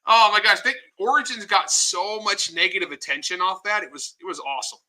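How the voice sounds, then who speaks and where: Blunt, bright-voiced man telling stories. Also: high voice, a little fast, rough recording. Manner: blunt, animated storytelling with swearing. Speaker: guest author. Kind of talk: casual interview talk.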